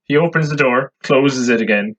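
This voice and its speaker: A man's voice: medium pitch, normal speed, fairly bright tone. Irish man with wry asides, muffled sound. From Ireland. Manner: wry, laughs easily, dry asides. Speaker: podcast co-host. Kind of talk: casual film review chat.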